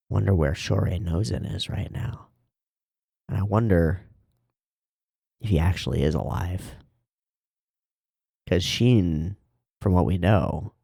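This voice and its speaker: A man's voice: sits low, creaky, a little mellow, no room sound, clean studio sound. A man hosting an anime reaction video, talking casually and animatedly, often laughing and swearing as he comments.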